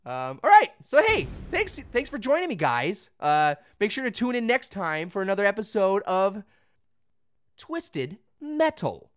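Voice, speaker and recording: Excitable young man with a bouncy voice. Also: high voice, measured pace. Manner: goofy, excitable, yelling and laughing at the game. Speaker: gaming channel host. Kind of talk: let's play commentary. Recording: game music loud behind the voice. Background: video game music and vehicle sounds.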